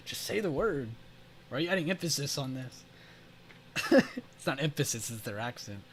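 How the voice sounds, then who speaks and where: A man's voice: mid-range voice, sing-song, normal speed, pauses often, fairly bright tone, slight background noise. Laid-back man chatting on stream. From United States. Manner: laid-back, laughs often, reacts to chat. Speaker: stream host. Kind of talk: casual livestream chat.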